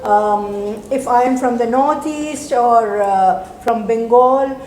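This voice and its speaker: Woman, Indian English accent, teacher, explains step by step, mixes in Hindi, higher voice, echoey room. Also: takes it slowly, darkish tone. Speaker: teacher and mentor. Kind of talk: speaking at a group meeting. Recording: echoey room, faint background noise.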